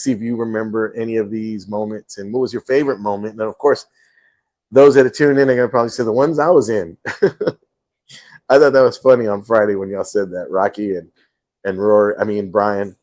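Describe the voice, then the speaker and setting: A man's voice: on the low side, level tone, brisk, a little mellow. A man hosting a casual livestream from home, telling stories with many fillers. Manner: rambling storyteller, many fillers. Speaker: host.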